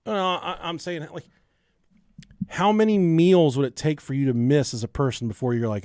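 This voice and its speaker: A man co-hosting a podcast, telling crude stories loudly with lots of swearing and laughter. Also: fairly high pitch, normal speed, no echo, studio quality. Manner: loud storytelling, swears and laughs often. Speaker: podcast co-host. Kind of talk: crude casual banter.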